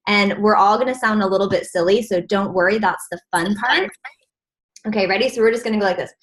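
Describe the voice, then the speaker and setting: A woman hosting a video call, giving an animated, encouraging motivational talk to her team. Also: mid-range voice, quick pace. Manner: animated and encouraging, acts out stressed inner voices.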